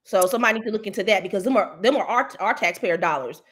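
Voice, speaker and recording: A woman, a local official, chatting as a guest on a talk show, telling a story with mocking indignation and jumping higher when she quotes people. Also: racing. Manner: animated storytelling, jumps higher when quoting others. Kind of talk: casual talk-show chat.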